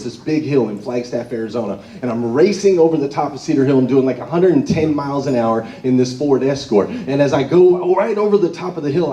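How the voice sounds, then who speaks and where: A man giving an animated storytelling speech to a live audience, often tagging his lines with "right?". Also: medium pitch. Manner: animated, tags phrases with "right?". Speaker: motivational speaker. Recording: echoey room, far from mic.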